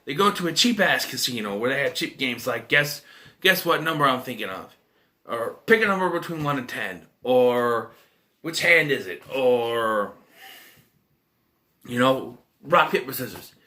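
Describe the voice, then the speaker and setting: Man, movie reviewer, rambling recap, lively swooping pitch, bright tone. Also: measured pace. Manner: rambling, animated retelling with quoted reactions.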